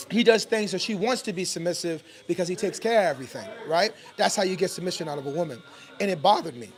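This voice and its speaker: Man, high voice, podcast host in a barbershop; loose, joking, laughs easily. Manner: joking, rambling, quick to laugh. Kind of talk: casual chat.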